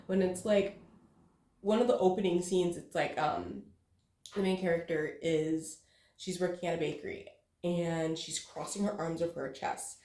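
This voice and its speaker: A woman's voice: fairly low pitch, steady tone, moderate pace, warm tone, reverberant. A woman talking candidly in a casual vlog. She swears freely and fills her speech with "like" and "um". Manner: frank, swears freely, filler-heavy. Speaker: vlogger.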